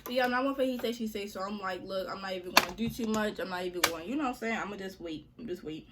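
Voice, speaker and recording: A woman's voice: medium pitch, quick pace, heavy background noise. A young woman vlogger telling a story to her viewers in a chatty, slangy way, often calling them y'all.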